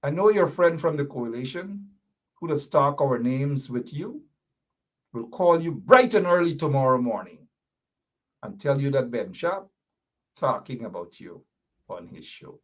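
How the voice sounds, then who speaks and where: Combative Guyanese man with a lively voice. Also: medium pitch, unhurried, pauses often. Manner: combative, indignant, repeats rhetorical questions. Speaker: host of a political commentary show. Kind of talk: political commentary monologue.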